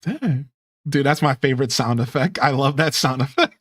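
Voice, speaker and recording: A man's voice: mid-range voice, moderate pace, fairly bright tone. A man live-streaming in a casual, chatty way, talking straight to his viewers. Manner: laid-back, chatty, addresses viewers directly.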